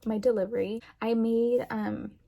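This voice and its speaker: A woman's voice: a little high, little pitch movement, a little slow, gravelly, lo-fi sound. A young woman chatting to camera in a rambling way with lots of fillers, emotional and near tears. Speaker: vlogger. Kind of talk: casual chat to camera.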